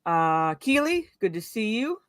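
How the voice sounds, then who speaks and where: A woman's voice: mid-range voice, sing-song, unhurried, no room sound, studio quality. A woman hosting a casual live stream, chatting about a movie and greeting viewers from the chat. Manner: chatty, greets viewers and reads chat messages aloud, frequent fillers. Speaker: livestream host.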